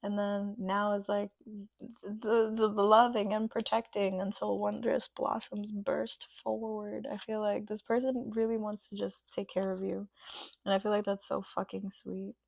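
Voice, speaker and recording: Gravelly, gushing woman doing a tarot reading. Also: medium pitch, flat delivery, a little slow, a little mellow, dry recording, highs cut off. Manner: gushing and emotional, many "like" fillers. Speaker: tarot reader. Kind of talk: pick-a-card tarot reading.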